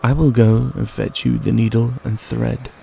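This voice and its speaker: A man's voice: medium pitch, little pitch movement, normal speed, gravelly, mellow, soft background music. A man voicing a wicked, hungry old witch in a told fairy tale, speaking with a falsely sweet manner. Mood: scheming. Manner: sugary sweet when scheming.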